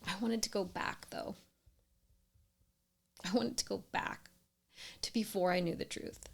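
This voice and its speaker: A woman in her thirties telling her own story in scripted narration, earnest and emphatic, sometimes dropping to a soft whisper. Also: medium pitch, a little slow, gravelly, slightly rough. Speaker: storyteller sharing a personal experience.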